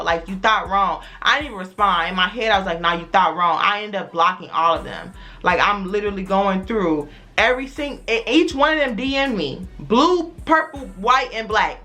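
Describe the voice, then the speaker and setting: A young woman from the Chicago area telling a personal story on her vlog in casual slang, acting out the other people in a lowered voice. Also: bright, forceful tone. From Chicago area, USA.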